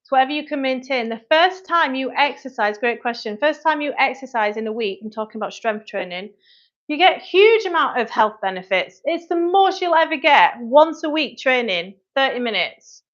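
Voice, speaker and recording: A woman's voice: sits high, lively intonation, a bit bright. A woman, a personal trainer answering viewer questions on a live stream in a frank, chatty way. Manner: frank, chatty, quick asides to commenters. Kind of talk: livestream Q&A, reading viewer comments. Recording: dull lo-fi livestream audio.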